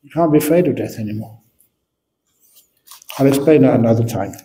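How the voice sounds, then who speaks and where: A man's voice: mid-range voice, brisk, warm tone. A man, a Buddhist monk teacher, answering questions at an evening talk with humor and playful storytelling. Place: meditation centre hall. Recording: echoey hall.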